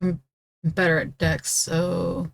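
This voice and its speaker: Slow-speaking woman at a game table. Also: fairly low pitch, little pitch movement, gravelly, husky, no echo. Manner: brief, unhurried answers. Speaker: player.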